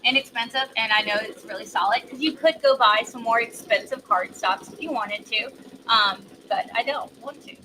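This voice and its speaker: Bubbly woman with a bright voice. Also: on the high side, slight background noise. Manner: bubbly, chatty, laughs often. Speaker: host of a live craft demo show. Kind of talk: live embroidery demo, reading viewer comments.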